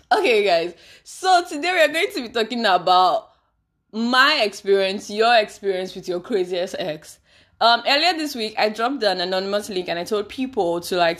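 A young woman talks into her podcast in a chatty, dramatic way. She bursts into exclamations and self-deprecating asides. Her voice sits at a middle pitch. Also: expressive, moderate pace, fairly bright tone. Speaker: podcast host. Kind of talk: casual podcast monologue.

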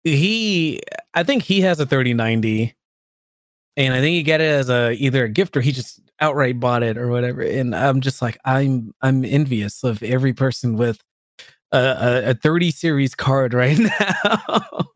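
A man's voice: mid-range voice, normal speed, dry recording, studio quality. A man in casual chat, laughing often and slipping into playful put-on voices.

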